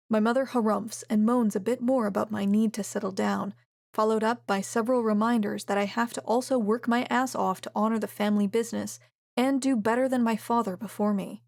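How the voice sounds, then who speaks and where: A woman reading a first-person romance audiobook in a steady, even way. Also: fairly high pitch, a little fast, gravelly, dry recording, clean studio sound. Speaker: audiobook narrator.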